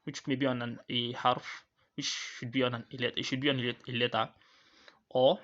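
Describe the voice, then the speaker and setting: A man teaching Quran recitation rules, pausing and restarting often and slowly drawing out each recited example. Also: medium pitch, flat delivery, a bit bright, muffled recording. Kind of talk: explaining tajweed rules to students.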